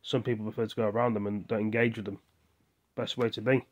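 A man's voice: fairly low pitch, flat delivery, fast talker, a little mellow. Frustrated man venting to camera. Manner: frustrated, rambling, asks himself questions. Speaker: vlogger. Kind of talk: venting personal video monologue.

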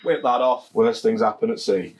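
Speaking at a normal pace with a fairly low pitch, a Leicestershire-accented man from England sits outdoors in his home garden. He reviews a beer in a relaxed, jokey way, repeating himself often.

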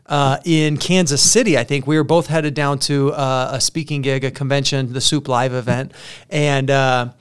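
Smooth-voiced animated male podcast host. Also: mid-range voice, moderate pace. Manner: animated, laughing, rambling questions. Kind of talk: casual interview chat.

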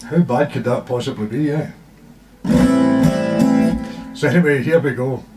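A man's voice: mid-range voice, a little slow. A man chatting jokily to camera before playing an acoustic guitar, rambling and self-mocking. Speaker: busker making home videos. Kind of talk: casual chat to camera, then singing with acoustic guitar. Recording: distant mic with loud guitar.

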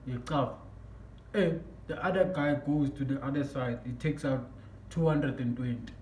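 A man telling a story on his vlog, animated and excitable, breaking into shouts, recorded in an echoey room. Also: mid-range voice, a little slow. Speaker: vlogger. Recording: echoey room, mic at a distance, faint background noise.

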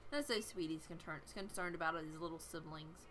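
A woman's voice: low-pitched, brisk, a bit bright, a little hiss or hum. A woman hosting a video game let's play, chatting casually and giggling as she reads the game's dialogue aloud. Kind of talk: casual gameplay commentary.

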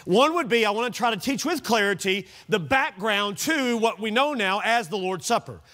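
A male pastor preaching an evening sermon in a church, animated and conversational, asking the congregation questions. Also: high voice, normal speed. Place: church sanctuary.

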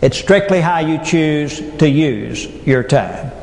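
Speaking slowly with vocal fry, this middle-aged man has a fairly high, expressive voice with a darkish tone. He delivers a funny motivational keynote packed with folksy tales and punchlines to an audience in a big hall, where the sound echoes with a long reverb.

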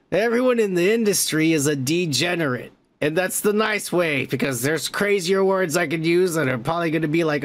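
High-voiced profane podcast host. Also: male voice, fairly bright tone. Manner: loose, swearing, laughing often. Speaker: podcast host reading comments. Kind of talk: casual profane storytelling.

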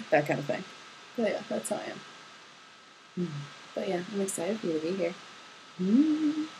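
A young woman talks straight to her partner in a video diary recorded at home late at night. She rambles in a chatty, giggly and affectionate way, at a middling pitch. A faint hiss of room noise sits behind her voice. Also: very animated, a little slow, pauses often. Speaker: vlogger.

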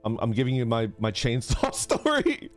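A man's voice: medium pitch, huge pitch swings, normal speed, faint music behind. A man streaming a casual morning chat, telling a story and laughing often as he greets viewers. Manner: laughs a lot while telling stories, reads chat names aloud.

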